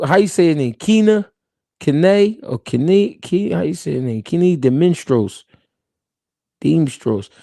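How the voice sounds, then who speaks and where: A man's voice: fairly high pitch, gravelly, no echo, studio quality. A man hosting a live-stream boxing talk show, arguing heatedly and talking to his chat. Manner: heated, animated, talks to chat. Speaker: host.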